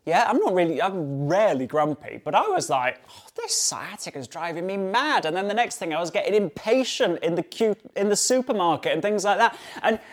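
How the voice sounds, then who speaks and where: Guy rambling on his dog podcast, bit high-pitched, lots of "yeah?" and "right?". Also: lively intonation, fairly quick, hardly any pauses. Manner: chatty, uses many fillers and tag questions. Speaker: podcast host, dog trainer. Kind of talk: casual solo podcast talk.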